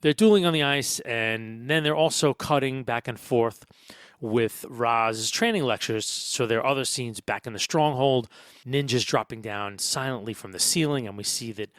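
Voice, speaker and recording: A man's voice: mid-range voice, normal speed, fairly bright tone, clean tone, dry recording, studio quality. A man hosting a podcast, enthusiastically walking through a film scene by scene in a casual review, with frequent fillers. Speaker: podcast host.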